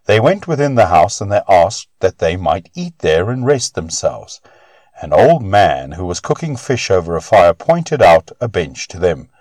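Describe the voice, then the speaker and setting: A man narrating a myth-story aloud in an expressive, measured reading on a close mic. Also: sits low, no echo.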